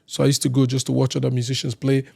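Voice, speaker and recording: A man from Nigeria, a singer on a podcast, telling casual stories in a lively way and acting out other people's lines. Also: mid-range voice, rapid-fire, vocal fry. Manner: lively anecdote teller who acts out other people's lines. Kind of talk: casual storytelling chat.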